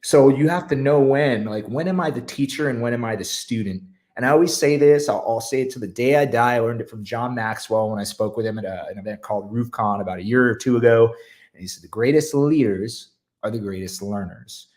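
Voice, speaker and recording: A man's voice: mid-range voice, fairly quick, darkish tone. A man speaking as a podcast guest, earnest and encouraging, with lots of "like" and "you know". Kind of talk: casual podcast chat.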